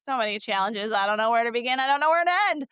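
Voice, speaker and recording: A woman co-hosting a casual book-review podcast, sarcastic and animated, swearing freely and laughing often. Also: a little high, very fast, clean tone, dry recording. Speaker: podcast co-host.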